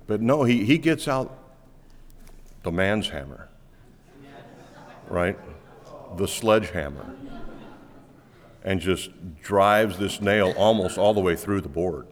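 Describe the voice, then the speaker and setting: A man preaching a sermon to a congregation, swinging between loud, rising appeals and quiet, low asides. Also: lively intonation, normal speed, pauses often. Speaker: pastor. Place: church sanctuary. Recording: long reverb of a large hall.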